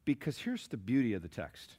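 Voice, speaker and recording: A man preaching a sermon as pastor, swinging between shouted climaxes and hushed, slow asides. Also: mid-range voice, huge pitch swings. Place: church sanctuary.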